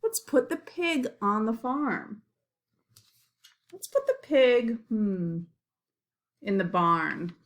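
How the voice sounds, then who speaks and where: A woman teaching young children in a slow, simple way, gentle and encouraging, naming farm animals. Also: fairly high pitch, lively intonation.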